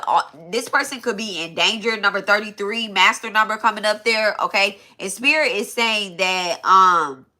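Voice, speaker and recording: Lady doing a tarot reading, bright sharp voice, cusses a lot, keeps restarting her thoughts. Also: mid-range voice. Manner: casual, swearing, thinks aloud with many restarts. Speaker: tarot reader. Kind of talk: spiritual reading to viewers.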